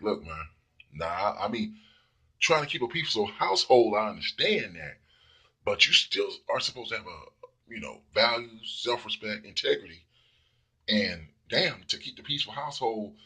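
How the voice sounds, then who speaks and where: A man's voice: on the low side, pushed and bright, slightly rough. A man giving a blunt, profane casual monologue full of fillers. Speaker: commentator.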